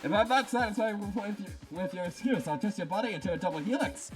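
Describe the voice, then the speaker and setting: A man's voice: high-pitched, quick pace, soft background music, pitched above the performer's own voice, close to an everyday voice, poor audio. A man voicing an arrogant, brainy young female scientist who lectures and talks down to others, reading a game script aloud. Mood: menacing. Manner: condescending, lecturing.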